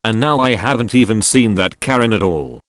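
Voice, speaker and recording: A text-to-speech man reads online posts in a steady, scripted delivery. His pitch sits low but rises and falls a lot. The sound is dry and close. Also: normal speed, dry recording. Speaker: narrator reading online posts. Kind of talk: scripted narration.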